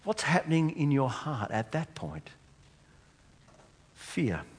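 Husky male preacher in a reverberant hall. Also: fairly high pitch, sing-song, normal speed. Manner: emphatic, asks the congregation rhetorical questions. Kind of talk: sermon.

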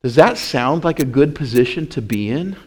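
A male pastor preaching a sermon in church, chatty and repetitive, asking the congregation questions and swinging between loud emphatic peaks and quiet intense asides. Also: medium pitch, lively intonation, moderate pace, breathy edge. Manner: conversational, repeats phrases, asks the congregation questions.

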